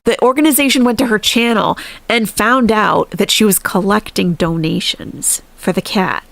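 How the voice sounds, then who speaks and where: A woman's voice: mid-range voice, normal speed, gravelly, fairly bright tone, no room sound. A woman hosting a live stream, chatting casually and animatedly, laughing often and thanking viewers.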